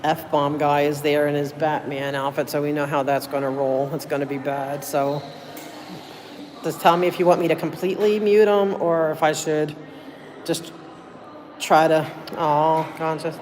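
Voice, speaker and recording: This is a livestreamer talking casually to viewers from inside a city hall, sounding worn out from a short night. The talk rambles, full of fillers and warm thanks. The pitch sits in the middle, with a faint hiss of background noise. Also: steady tone, normal speed. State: tired, running on little sleep. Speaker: livestreamer at a public meeting. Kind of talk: casual live chat with viewers. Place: city hall building, indoors.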